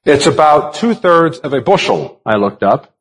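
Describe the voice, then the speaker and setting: A man's voice: a little high, very animated, normal speed. A man preaching a sermon as a pastor, explaining a text step by step and asking rhetorical questions. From United States.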